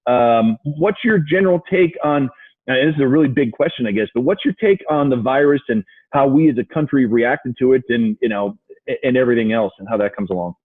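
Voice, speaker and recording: A man's voice: medium pitch, brisk. A male host asking questions in a casual, easygoing and agreeable manner. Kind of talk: casual interview chat. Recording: thin phone-like remote call line.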